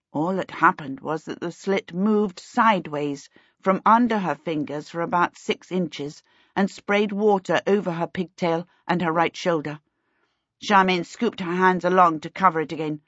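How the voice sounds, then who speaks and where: A woman's voice: fairly low pitch, normal speed, fairly bright tone, dry recording, dull audio. Woman narrating a storybook, dry sound. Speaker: audiobook narrator.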